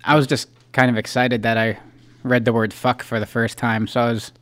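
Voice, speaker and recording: A man's voice: medium pitch, little pitch movement, fairly quick, a bit bright. Joking podcast co-host, a man. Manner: jokey, rambling, swears casually. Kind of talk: casual chat.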